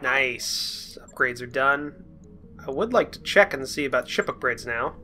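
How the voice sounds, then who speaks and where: Bright-voiced man narrating gameplay. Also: mid-range voice, measured pace, soft background music. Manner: thinking aloud, relaxed and chatty. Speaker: let's play host. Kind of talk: casual gameplay commentary.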